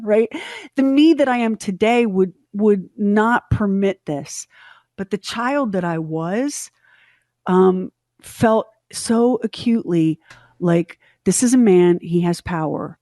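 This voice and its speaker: A middle-aged woman co-hosting a podcast, telling a story in candid, animated casual chat and acting out the quotes. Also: mid-range voice, unhurried, dry recording, clean studio sound. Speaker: podcast co-host.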